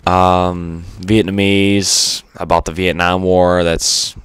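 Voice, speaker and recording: A man's voice: low voice, flat delivery, slow pace, a bit bright, smooth, no room sound. A man giving unscripted gameplay commentary, rambling and stuttery with lots of fillers and casual swearing. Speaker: gaming commentator.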